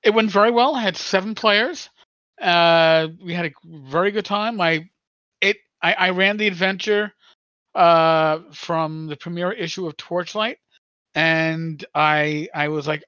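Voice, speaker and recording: A man's voice: sits high, unhurried, bright, forceful tone, clear, resonant tone, dry recording, muffled recording. A man in his sixties, a podcast co-host, telling a long rambling story in casual chat with many stammers and restarts.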